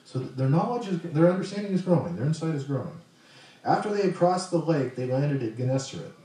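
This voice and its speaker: A man's voice: a little high, sing-song, fast talker, warm tone, very echoey, distant mic, rough recording. A man preaching a sermon in a conversational way, asking the congregation questions as he goes. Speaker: pastor.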